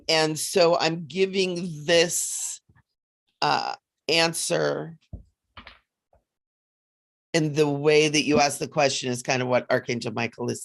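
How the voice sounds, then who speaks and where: A woman hosting a casual psychic livestream, chatty and animated, often laughing as she reads cards. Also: low voice, creaky. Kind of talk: casual livestream chat with card readings.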